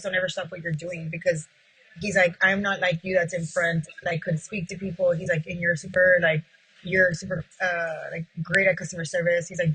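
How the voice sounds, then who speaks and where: A woman's voice: lowish voice, bright, forceful tone, husky, rough recording. A woman who owns a pizzeria, telling her story in an interview and acting out past conversations, with many casual "like"s. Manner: retells past talks by acting out both sides, heavy with "like". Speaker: pizzeria owner.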